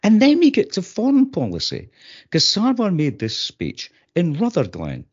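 A man co-hosting a casual political chat podcast, halting with restarts and rising emphasis. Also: high-pitched, wildly swooping pitch, slightly rough. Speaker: podcast co-host. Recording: dull lo-fi audio.

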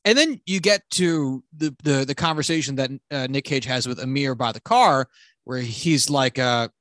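A man's voice: mid-range voice, normal speed, dry recording. A man co-hosting a podcast, chatting casually about a film in a rambling, profane way. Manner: rambling, profane, animated retelling. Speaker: podcast co-host. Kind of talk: casual movie review chat.

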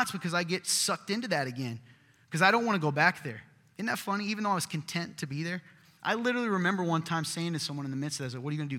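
Male pastor, bright forceful voice, slightly high, earnest emphatic sermon, long hall echo. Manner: earnest, emphatic preaching with sudden drops to a hush. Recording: hall reverb.

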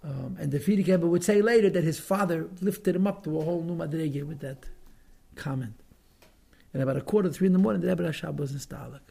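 A man with a gravelly, husky voice that sits a little high for a man. He tells a story as a lesson, repeating words for weight and acting out quotes with feeling. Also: quick pace, dark tone. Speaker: teacher telling a story.

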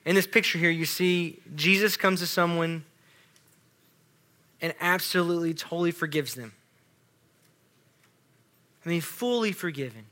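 High voice, bright tone, man preaching to teens, casual and lively. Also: moderate pace, pauses often. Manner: casual, animated, talks to students with "y'all". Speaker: youth pastor. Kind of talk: youth sermon.

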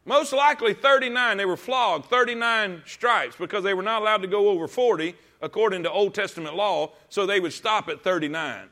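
Leading a church service, a pastor preaches emphatically in a high, pushed, bright voice, speaking a little fast with few pauses. He fills the sermon with rhetorical questions and urges the congregation to read along.

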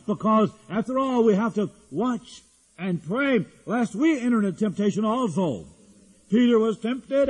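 A man's voice: high-pitched, darkish tone, slightly rough. A man preaching a sermon as a pastor, in earnest, with frequent restarts. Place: church hall. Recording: echoey hall.

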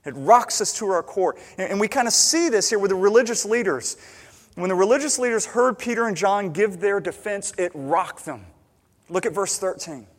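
High-voiced pastor preaching in a reverberant hall. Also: male voice, moderate pace. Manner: emphatic, swings between loud urgency and quiet intimacy. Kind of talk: sermon.

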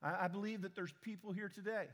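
A man's voice: sits high, fast. A middle-aged man preaching a sermon to a church congregation, often repeating words as he restarts, with conversational asides to the people. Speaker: pastor.

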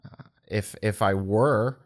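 A man telling his personal faith story in an earnest, halting way, with many restarts. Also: on the low side. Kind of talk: personal testimony in conversation. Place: indoors at a table.

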